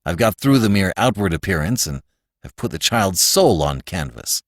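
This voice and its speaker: A man's voice: low voice, big pitch swings, normal speed, no room sound, studio quality, voice pushed down. A man voicing an anxious young painter. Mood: gloomy. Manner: subdued, worried and hesitant.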